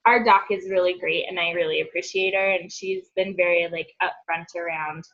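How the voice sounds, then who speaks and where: A woman's voice: lowish voice, steady tone, moderate pace, fairly bright tone. A woman in her thirties talks in a rambling, casual way, full of likes and ums. She sounds like a therapist chatting with a group. The audio is dull and lo-fi, like a video call.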